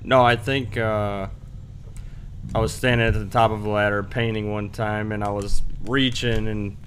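A man's voice: lowish voice, little pitch movement, normal speed, fairly bright tone, a little hiss or hum. A man from Chicago, a podcast guest, talking in easygoing casual chat.

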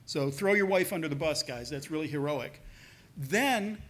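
A man's voice: animated, moderate pace, a bit bright. A man preaching a sermon in a casual, conversational way, dropping his voice to act out quoted speakers. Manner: conversational, acts out quoted voices with lowered pitch. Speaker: pastor.

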